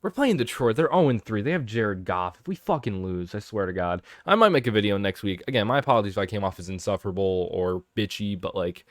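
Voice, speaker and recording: Exasperated, profane man ranting solo to camera; very animated pitch, dry recording. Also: quick pace, few pauses, dry recording. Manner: exasperated, profane, rambling with restarts. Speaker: sports fan vlogger. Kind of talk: casual ranting monologue to camera.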